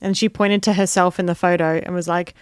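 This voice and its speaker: A woman co-hosting a podcast, telling lively stories and laughing often. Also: fairly low pitch, fairly quick, clean tone, dry recording, studio quality. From Australia. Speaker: podcast co-host. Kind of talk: casual chat.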